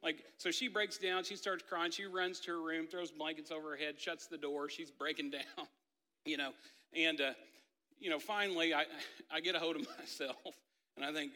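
Bright-voiced pastor in an echoing hall. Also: male voice, a little high, steady tone, normal speed. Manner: casual, storytelling, lots of "like" and "right?". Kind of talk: conversational sermon with personal story. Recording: long hall reverb.

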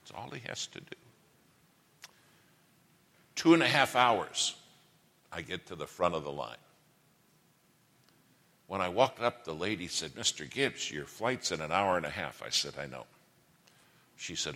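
A man's voice: sits low, big pitch swings, measured pace, pauses often, fairly bright tone, long reverb tail. A middle-aged man preaching a sermon in an auditorium, telling a folksy, humorous story and asking the audience questions.

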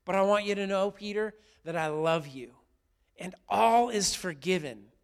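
A man acting out a gentle, forgiving teacher in a sermon, a slightly high, warm male voice that keeps soothing and pleading softly, repeating the listener's name with care. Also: moderate pace, gravelly, smooth. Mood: tender. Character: tender forgiving risen teacher, adult man.

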